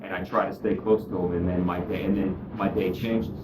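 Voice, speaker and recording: A man giving candid spoken testimony about his recovery, earnest and self-deprecating, dropping low and quiet, then climbing high and excited as he tells the story. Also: fairly quick, echoey room, distant mic, noisy background. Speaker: guest speaker sharing his recovery story.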